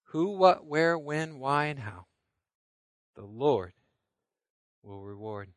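A male pastor preaching a recorded sermon alone in a room, moving between quiet scripture reading and loud call-and-response revival exhortation. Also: on the high side, no room sound. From Midland, Michigan area church. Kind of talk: recorded sermon to home viewers. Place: room alone without congregation.

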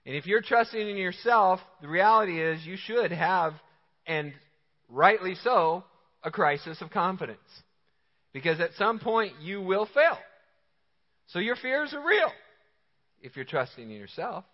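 A man preaching a sermon with energetic, emphatic, conversational delivery. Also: high-pitched, measured pace. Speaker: pastor. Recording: reverberant hall, slightly dull sound.

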